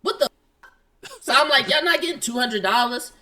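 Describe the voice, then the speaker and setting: A man telling a story in casual slang, acting out both sides of an argument in quick quoted lines. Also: extremely high pitch, animated, sharp tone.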